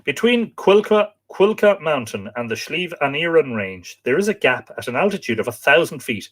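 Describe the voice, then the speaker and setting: A man's voice: on the high side, big pitch swings, normal speed, a bit bright. An Irish man hosting a live book talk, reading aloud and breaking off for musing asides and self-corrections. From Ireland.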